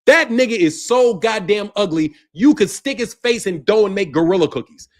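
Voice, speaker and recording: A man's voice: high-pitched, expressive, normal speed. A man hosting his boxing channel, ranting in a profane, mocking way and laughing often. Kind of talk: ranting commentary.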